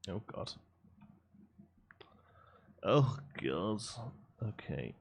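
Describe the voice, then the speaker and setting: Man, low voice, chatty live-stream commentary, answers chat. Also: very animated, extremely slow, gravelly, muffled recording, a little hiss or hum. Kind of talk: casual live-stream commentary while building.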